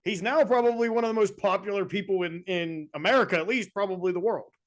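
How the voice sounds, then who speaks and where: A man hosting a podcast and interviewing his former teacher in a relaxed, chatty way. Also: high voice, fast talker. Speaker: podcast host, former student. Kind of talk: casual interview chat.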